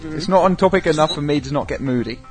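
A man's voice: on the high side, fast, over music. A man in casual chat after a tabletop game, playful and keen to keep things on topic. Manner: playful, bossy about staying on topic.

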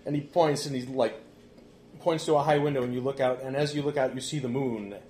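A man's voice: medium pitch, steady tone, brisk, a little mellow. A man narrating a tabletop game as game master, casual with frequent fillers, in an echoey room. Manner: casual, laughing, hesitant fillers.

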